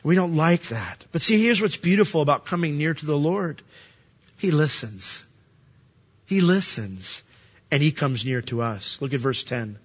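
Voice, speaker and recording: A man's voice: a little high, animated, brisk, few pauses, slightly rough, in a large hall, dull audio. A man preaching a sermon, reading verses and explaining them in a conversational way. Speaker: pastor. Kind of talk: sermon teaching through scripture.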